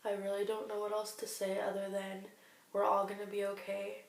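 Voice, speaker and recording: A woman in her twenties, talking earnestly and warmly about her faith in a personal video diary. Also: mid-range voice, monotone, a little fast, vocal fry, slight background noise. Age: 20s. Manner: earnest, heartfelt, faith-filled. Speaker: vlogger sharing a cancer diary. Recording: echoey room, distant mic.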